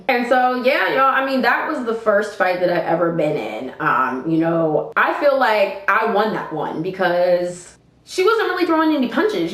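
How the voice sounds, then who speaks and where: A young woman tells a wild story to her viewers in a lively, expressive voice that swings up and down in pitch. She swears freely and speaks casually and directly, in a roomy, echoey space. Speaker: vlogger. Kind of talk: storytime vlog, casual retelling. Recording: roomy echo.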